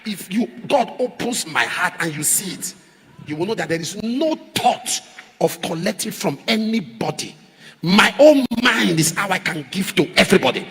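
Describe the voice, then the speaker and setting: A man preaching a sermon as a pastor, emphatic, repeating phrases and rising to shouts. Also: sits high, expressive, moderate pace, husky, in a large hall. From Nigeria.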